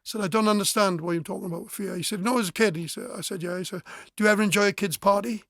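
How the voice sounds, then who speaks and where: Fast-talking frank man, high voice. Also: fairly even intonation, fairly bright tone, no room sound, studio quality. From Wales. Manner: frank, blunt, swears, acts out remembered dialogue. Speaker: musician guest. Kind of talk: candid personal storytelling.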